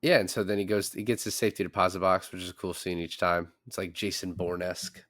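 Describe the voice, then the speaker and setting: A man co-hosting a podcast, casually recapping a film in a relaxed, rambling way. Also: sits low, quick pace, no echo, clean studio sound. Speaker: podcast co-host. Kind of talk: casual chat.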